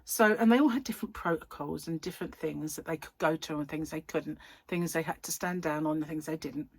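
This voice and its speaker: A woman's voice: sits low, fairly quick, slightly rough, no room sound. A woman, a crochet channel host chatting through a rambling, giggly anecdote. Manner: chatty, giggly, self-interrupting storyteller. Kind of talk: casual chat, rambling anecdote.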